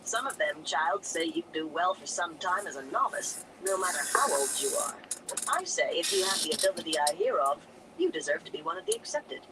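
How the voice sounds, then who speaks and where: A reader voicing a brisk, commanding older woman. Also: medium pitch, expressive, background noise, lightly acted. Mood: lecturing. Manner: cheerful yet stern.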